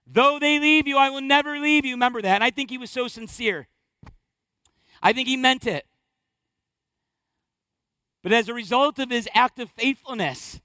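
A male pastor preaching a sermon with passion, acting out scenes with sudden shouts and hushed drops. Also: very high-pitched, no echo.

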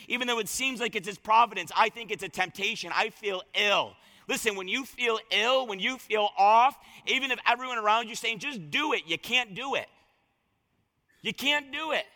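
A man's voice: high voice, bright, forceful tone, big-room sound. A man preaching a sermon as a pastor, fervent and colloquial, repeating lines for emphasis.

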